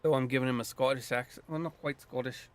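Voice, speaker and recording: A man streaming a game, thinking aloud in an unhurried, musing way. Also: mid-range voice, fairly even intonation. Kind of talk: casual let's-play commentary.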